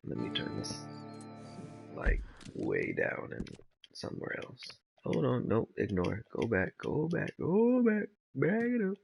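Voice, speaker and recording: A man's voice: mid-range voice, very animated, slow pace, vocal fry, music in the background. A man giving casual, rambling gameplay commentary, laid-back and swearing freely. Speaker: gamer.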